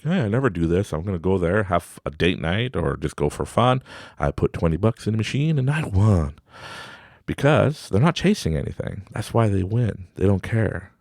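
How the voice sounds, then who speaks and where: A man's voice: low voice, no room sound, studio quality. A man hosting a podcast, telling a story casually with frequent laughter and acted-out voices. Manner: animated, laughs often, acts out voices. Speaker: podcast host.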